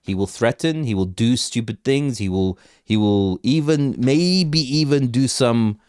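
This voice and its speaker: This man's voice is mid-range, unhurried and darkish yet clean, recorded in a clean studio with no room sound. Hosting a live crypto chart stream, he gives rambling market commentary, repeating words and inviting questions from chat.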